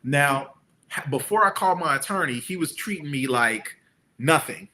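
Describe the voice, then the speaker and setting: A middle-aged man, a guest entrepreneur, telling stories in a casual interview and acting out the people he quotes. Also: normal speed. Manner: animated, acts out quotes with big pitch jumps.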